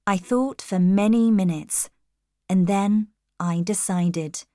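A woman narrating a storybook in the first person, reading clearly and carefully. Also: medium pitch, slow, warm tone, no room sound, clean studio sound. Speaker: audiobook narrator.

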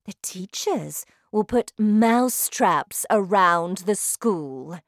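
A woman voicing a cruel, bossy female witch leader who shouts her orders with scorn, in a storybook reading. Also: mid-range voice, animated, very slow, no echo, clean studio sound. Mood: scornful, commanding. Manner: shouting, commanding, contemptuous.

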